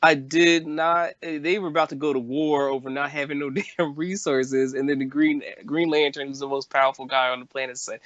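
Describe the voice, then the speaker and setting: A man co-hosting a loose fan podcast, his voice sitting a little high. He jokes, laughs often and slips into mock voices as he retells things. The sound is dry and close but slightly dull. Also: flat delivery, fairly quick, hardly any pauses, fairly bright tone, no echo. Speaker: podcast co-host. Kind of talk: casual chat.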